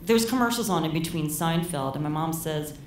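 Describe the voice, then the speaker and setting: A woman tells a story live on stage in a loose, rambling way, her lowish voice carrying through a roomy hall. She sounds a little set back from the mic, with faint room ambience behind her. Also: fairly quick, far from the mic, slight background noise. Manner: casual, rambling, heavy use of "like". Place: live storytelling event in a venue.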